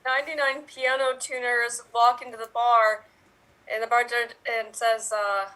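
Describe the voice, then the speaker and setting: A woman telling quick jokes as an improv player, giggly and playful. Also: on the high side, little pitch movement, pushed and bright, poor audio. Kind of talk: casual joke telling.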